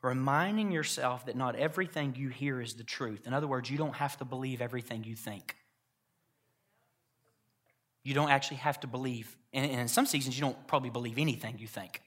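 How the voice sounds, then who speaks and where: A man preaching a sermon to a church congregation, moving from hushed personal storytelling to loud emphatic exhortation. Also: on the high side. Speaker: pastor.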